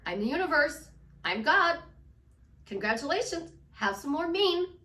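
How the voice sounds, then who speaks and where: A woman's voice: high-pitched, very animated, measured pace, bright, forceful tone, echoey room, far from the mic. A woman life coach talking emphatically and acting out her clients' doubts in quoted voices. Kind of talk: casual motivational talk.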